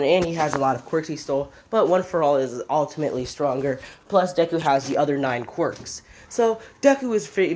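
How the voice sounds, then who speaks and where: A woman's voice: sits low, darkish tone, slight background noise. A woman casually improvising a fan story, rambling with restarts and swearing.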